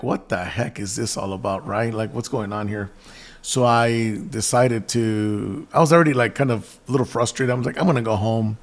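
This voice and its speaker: Low-voiced man rambling through a story. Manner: rambling, self-quoting with restarts. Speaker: host. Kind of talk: casual storytelling.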